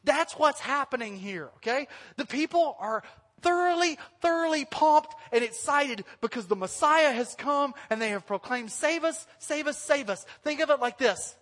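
A man preaching a sermon as pastor, animated and lively, sometimes breaking into loud sung lines. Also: very high-pitched, normal speed. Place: church hall. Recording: long hall reverb.

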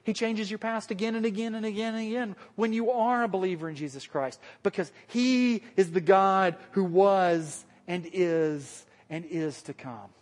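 A man's voice: high-pitched, normal speed, hardly any pauses, darkish tone. A male pastor giving a conversational, self-deprecating sermon to a congregation and putting questions to them. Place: church hall with a congregation. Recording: long hall reverb.

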